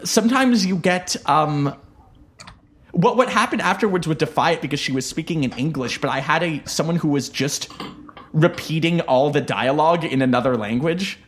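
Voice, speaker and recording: A man's voice: fairly high pitch, normal speed, fairly bright tone. A man co-hosting a podcast in casual chat, swearing freely and laughing through his stories. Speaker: podcast co-host.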